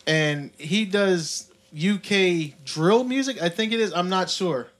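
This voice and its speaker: Guy with a high voice on a podcast, animated, does little voices when retelling stuff. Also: slow pace, background noise. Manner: animated, mimics others in retold stories. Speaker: podcast co-host. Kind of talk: casual chat. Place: recording studio.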